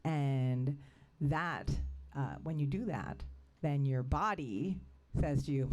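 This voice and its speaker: A woman's voice: low voice, takes it slowly, a little mellow. A woman co-hosting a casual positivity podcast, chatty and upbeat, laughing often. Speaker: podcast co-host. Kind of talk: casual chat.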